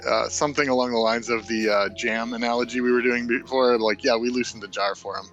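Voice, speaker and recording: Male player, bright tense voice, lots of ums and uhs, faint music behind. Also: mid-range voice, steady tone, fast, highs cut off. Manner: hesitant, full of fillers, chuckling. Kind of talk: casual tabletop play chat.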